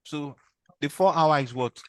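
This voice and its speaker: A man's voice: a little high, measured pace, fairly bright tone, no echo. A man with a Nigerian accent teaching a trading lesson online, patiently walking through steps and quizzing his students with repeated questions. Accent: Nigerian English. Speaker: trading instructor. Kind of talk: online screen-share training session.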